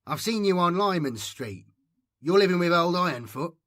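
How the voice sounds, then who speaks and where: A man's voice: high voice, lively intonation, moderate pace, a bit bright, dry recording, clean studio sound, pitched above the performer's own voice. Sneering boy bully, voiced by a man. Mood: taunting. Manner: sneering, mocking. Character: taunting mean-spirited boy bully. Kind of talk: audiobook character reading.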